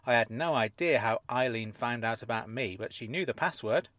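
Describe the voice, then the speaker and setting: A man voicing a sharp-tongued middle-aged woman fraudster who speaks in a measured, wry way. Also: medium pitch, no echo, close to an everyday voice.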